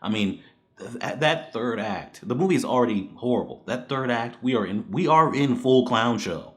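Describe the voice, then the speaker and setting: A man's voice: mid-range voice, animated, moderate pace. A man giving a casual spoken movie review, blunt and profane, ranting in exasperation with frequent laughs.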